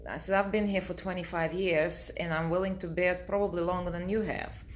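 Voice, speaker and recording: A middle-aged woman, native Russian speaker, telling a story to her camera in a dry, deadpan way. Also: on the low side, brisk, a little hiss or hum. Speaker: vlogger.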